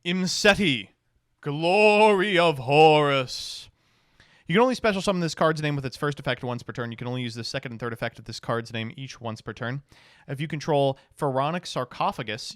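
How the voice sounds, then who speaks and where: A streamer reading card text aloud in a casual review, stopping for blunt, swearing reactions. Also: male voice, medium pitch, a bit bright, dry recording, studio quality.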